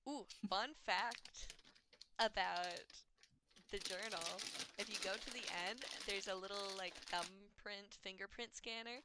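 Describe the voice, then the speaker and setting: A woman's voice: medium pitch, fairly even intonation, unhurried, background noise. Chatty giggly woman streamer. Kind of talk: casual game-stream chat. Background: game music.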